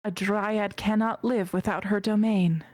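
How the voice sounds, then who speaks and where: A woman voicing a dying female forest dryad who speaks a soft, tender farewell. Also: mid-range voice, fairly even intonation, measured pace, dry recording, lightly acted. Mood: sorrowful.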